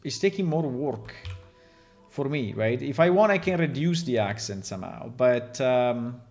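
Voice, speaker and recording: An Italian man with a plain mid-range voice chats with his live-stream viewers. He jokes, rambles, and draws out his words at a slow pace, with his Italian accent always showing. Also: mid-range voice, expressive, a little mellow, faint music behind. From Italy. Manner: rambling, joking, talks to chat. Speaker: game developer streamer. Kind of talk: casual live stream chat.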